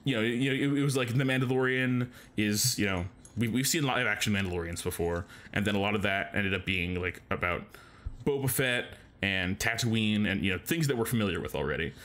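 A man's voice: on the low side, a little fast, fairly bright tone. Chatty rambling male podcast host. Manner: rambling, many "like" fillers; enthusiastic fan. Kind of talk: casual chat.

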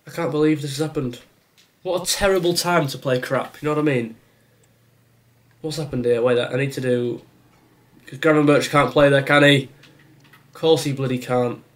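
Speaking at normal speed with a medium pitch and fairly even intonation, this young man pauses often. He's a gaming YouTuber commentating his own football video game, sarcastically and irritably ranting at the match live.

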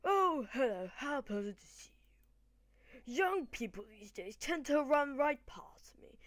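Girl doing a posh old british gent, all polite and proper, kinda high pitched, dry sound. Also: dry recording. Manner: genteel, slow and stiffly courteous. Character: posh elderly British gentleman, polite, lonely.

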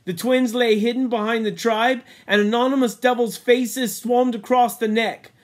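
High-voiced man reading a novel aloud. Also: fairly even intonation. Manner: measured, drops low and quiet on grim moments. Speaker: reader.

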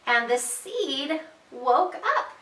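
A woman preschool teacher reading picture books aloud to young children in a slow, sing-song storytelling voice. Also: sits high, big pitch swings, a bit bright, slight background noise. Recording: echoey room, voice heard from a distance.

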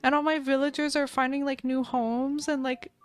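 A woman streamer talks through her game live, excitable and quick to giggle. Her voice sits a little high. She gushes and chatters to her viewers as she plays. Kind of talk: live gameplay commentary.

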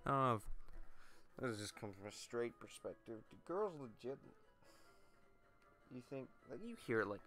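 Low-voiced guy doing a let's play, rambling crude self-mocking jokes, faint music behind. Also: moderate pace, a bit bright.

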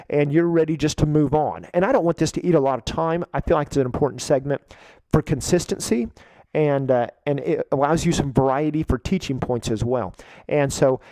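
A man who trains children's ministry volunteers, explaining in a relaxed, conversational way and now and then acting out what he says to the kids. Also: a little high, no echo, rough recording. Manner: conversational, acts out kids' church lines with a lively raised voice. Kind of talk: instructional talk.

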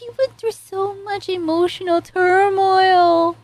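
High-voiced woman cheering at the screen. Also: lively intonation, slow pace, no room sound. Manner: cheers and talks at the screen, swings loud and soft. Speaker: anime reaction host. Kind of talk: emotional anime reaction commentary.

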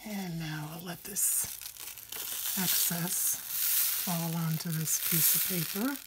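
A woman hosting a craft tutorial, slightly hoarse from a cold, explaining each step slowly and carefully. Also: lowish voice, fairly even intonation, heavy background noise.

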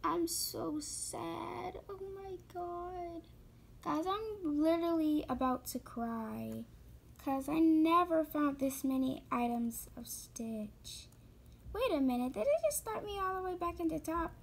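A woman giving excitable, gushing commentary to her viewers while shopping in a game. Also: sits high, measured pace, vocal fry, a little hiss or hum. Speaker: gaming vlogger.

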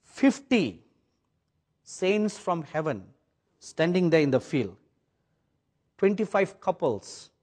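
An Indian preacher delivers his sermon in English, his accent showing British influence. He is very animated yet slow, with long pauses, and he tells his story dramatically, rising to loud, ringing phrases and dropping to near-whispers. His voice is a little high for a man.

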